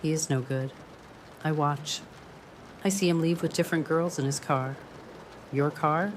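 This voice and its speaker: A woman's voice: deep voice, measured pace, slight background noise. A woman voicing a tiny, fierce elderly grandmother neighbor with a thick Polish accent and blunt, broken-English speech. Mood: blunt, protective.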